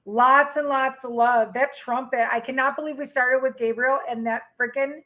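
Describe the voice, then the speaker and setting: A woman giving an excitable live tarot reading to her viewers, exclaiming often and addressing them directly. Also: high-pitched, moderate pace, poor audio. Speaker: tarot reader.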